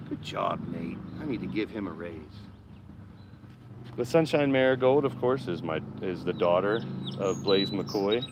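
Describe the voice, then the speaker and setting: A man chatting casually on a live stream from his home garden, excitable and talkative. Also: fairly low pitch, background noise. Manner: excitable, chatty, cheering bees on.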